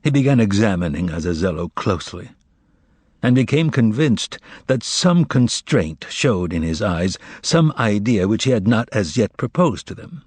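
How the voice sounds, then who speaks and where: A man reading a novel aloud as an audiobook narrator, with expressive, measured storytelling. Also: on the low side, husky, dry recording. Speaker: audiobook reader.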